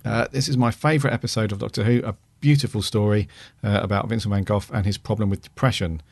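A low-voiced man co-hosts a fan podcast, reading out listener reviews in an easygoing manner with plenty of ums and uhs. The recording is dry and close. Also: fast talker, creaky, dry recording. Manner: relaxed, reads aloud with fillers. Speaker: podcast co-host.

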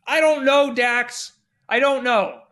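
A young adult man telling a long anecdote in a casual, profane, animated rambling way. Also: very high-pitched, slow. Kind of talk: casual storytelling.

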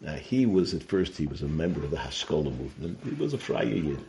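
A man's voice: very deep voice, very animated, fast, vocal fry, a little mellow, a little hiss or hum. A man giving a Torah talk, telling stories and sprinkling in Yiddish and Hebrew terms. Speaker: Torah teacher.

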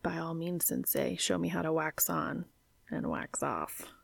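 A woman voicing a calm, quietly wry young man in a story she reads aloud, speaking low and breathy. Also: measured pace, no room sound, full character voice.

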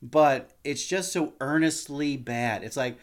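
Dude cohosting a movie podcast, dry jokey humor, middle pitch. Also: male voice, measured pace. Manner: wry, playful humor. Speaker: podcast co-host. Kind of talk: casual film review chat.

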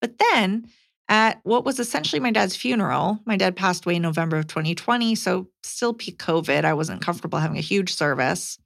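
A woman co-hosting a casual podcast, reading a listener letter aloud with lively emphasis. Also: fairly low pitch, a little fast, gravelly, no room sound, clean studio sound.

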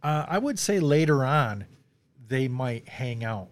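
A man's voice: medium pitch, very animated, a little slow. A man hosting a casual movie discussion podcast, rambling and laughing often as he quotes lines. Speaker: podcast host.

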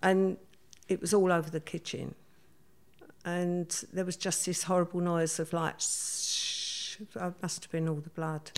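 A woman's voice: fairly low pitch, little pitch movement, unhurried. An older woman, telling her story as an interview guest in a plain-spoken way and acting out what people said. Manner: plain-spoken, acts out quoted dialogue.

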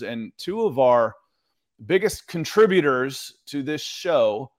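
A man co-hosting a casual sports podcast, talking in a relaxed, chatty way with lots of fillers. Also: mid-range voice, slow. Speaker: podcast co-host.

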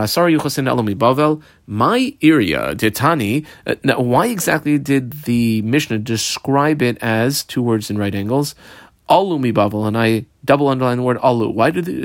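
Guy teaching talmud in a relaxed way, lots of uh and like, mid-pitched voice, dry recording. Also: dry recording. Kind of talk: casual Talmud lesson.

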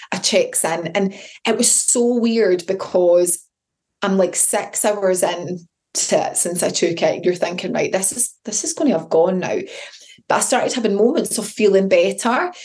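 A woman's voice: lowish voice, darkish tone. A woman with children, hosting her podcast solo and telling a candid personal story in a chatty way, acting out the voices of the people she quotes. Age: adult with children. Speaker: podcast host.

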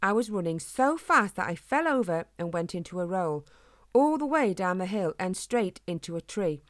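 A woman's voice: fairly low pitch, sing-song, normal speed, no room sound. A kindly storybook father hedgehog, read by a woman, chatting fondly about old times. The delivery is folksy and homely. The sound is dry and close.

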